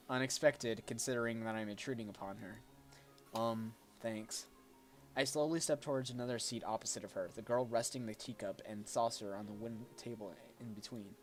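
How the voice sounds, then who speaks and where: Man reading a visual novel aloud. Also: medium pitch. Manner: reads aloud with small slips, jokes with a friend. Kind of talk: reading a game's narration aloud.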